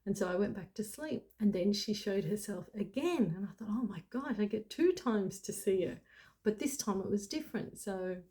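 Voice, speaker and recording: A woman's voice: mid-range voice, expressive, normal speed, mellow. A middle-aged woman telling a personal story in a casual, chatty way, full of "like" and "you know". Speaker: spiritual channel host.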